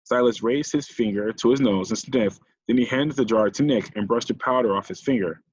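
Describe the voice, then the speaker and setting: Brief: husky male narrator, dry close read, lo-fi. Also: medium pitch, fairly quick, no room sound. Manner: steady storytelling. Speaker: audiobook narrator. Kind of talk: audiobook reading. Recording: dull lo-fi recording.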